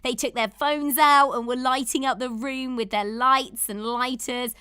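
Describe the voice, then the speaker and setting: A woman's voice: sits high, fairly even intonation, measured pace, sharp tone, clear, resonant tone, no echo, clean studio sound. A woman hosting a podcast, telling stories in an enthusiastic, gushing casual chat. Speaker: podcast host.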